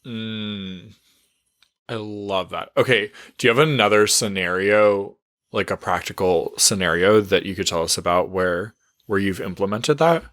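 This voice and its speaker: A man hosting a podcast interview, reacting warmly and enthusiastically to his guest. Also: fairly low pitch, a little slow, no room sound, studio quality. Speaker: podcast host and coach.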